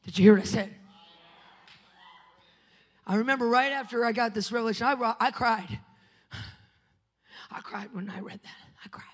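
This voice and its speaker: A woman preacher giving a fiery sermon in a church, swinging between shouting and hushed whispers. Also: on the high side, normal speed, pauses often. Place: church sanctuary. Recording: long church-hall reverb.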